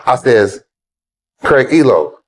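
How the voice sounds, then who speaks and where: A man telling animated stories about an old teammate and rival, laughing and acting out quotes in a casual interview. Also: medium pitch, takes it slowly. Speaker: former player telling stories.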